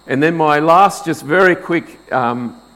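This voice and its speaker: A middle-aged man preaching a sermon, unhurried and deliberate, asking his listeners questions and answering them. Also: on the high side, fairly bright tone, poor audio. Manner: slow, deliberate, rhetorical questions. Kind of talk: expository sermon.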